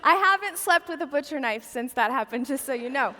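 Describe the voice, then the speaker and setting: A woman's voice: high-pitched, animated, a little fast, sharp tone, long reverb tail, slight background noise. A woman in her forties gives a church Christmas talk as a chatty, self-deprecating comic storyteller. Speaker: guest speaker at a church Christmas event. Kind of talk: humorous personal storytelling message. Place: large church auditorium.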